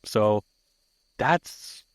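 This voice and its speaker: A man's voice: very slow, no echo. A man hosting a podcast who casually recaps a movie plot, swearing freely and using lots of fillers. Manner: casual, profane, many fillers. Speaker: podcast host.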